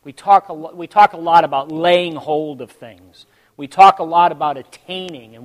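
A man preaching a sermon to his congregation, telling a story dramatically and swinging between hushed and loud, calling out to the listeners. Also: on the high side, normal speed, long reverb tail. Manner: addresses the congregation directly.

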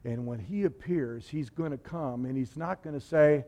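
A man preaching a sermon, leading call-and-response with the congregation and swinging from hushed near-whispers to loud, high-pitched declarations. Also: normal speed, few pauses. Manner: dynamic, swings from hushed to shouted.

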